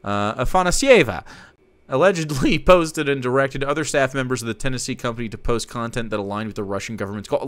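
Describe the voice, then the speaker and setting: A man's voice: medium pitch, fairly quick, dry recording, studio quality. A man hosting live news commentary, reading an article aloud with sarcastic, profane asides. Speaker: streamer host.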